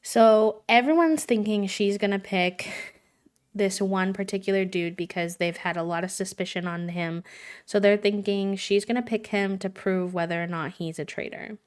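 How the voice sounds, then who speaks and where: A young adult woman streamer in casual chat, retelling a story in an animated way, with lots of fillers. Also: mid-range voice, normal speed, clean tone.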